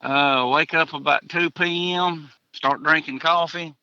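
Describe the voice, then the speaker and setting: A man's voice: fairly high pitch, steady tone, measured pace, bright, forceful tone, clear, resonant tone, no echo, dull audio. A man, a hunter chatting as a podcast guest in a folksy, joking way, chuckling between answers. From Tennessee, USA. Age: 40s. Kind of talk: casual podcast interview.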